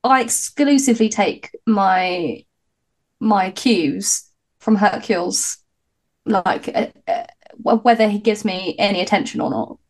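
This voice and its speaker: A woman's voice: mid-range voice, measured pace, a little mellow. A British woman co-hosting a podcast, chatty and wry, musing aloud with a laugh. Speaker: podcast co-host. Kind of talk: casual chat.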